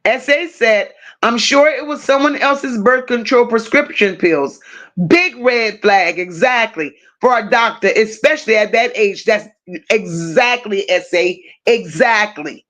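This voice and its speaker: A high-voiced woman hosts a loose true-crime livestream, reading out chat comments and firing back at viewers. She talks bluntly and swears freely, teasing regulars with rowdy banter. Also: unhurried, fairly bright tone.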